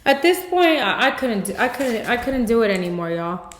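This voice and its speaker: A woman's voice: a little high, very animated, moderate pace, slight background noise. A woman hosting a podcast, telling a personal story in a candid, emotional way and often speaking straight to her listeners. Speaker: podcast host. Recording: roomy echo.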